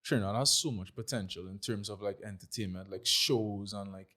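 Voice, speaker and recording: A man's voice: fairly low pitch, fairly quick, bright, forceful tone. A man hosting a podcast, asking questions in an easygoing, agreeable way. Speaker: podcast host. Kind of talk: casual podcast conversation.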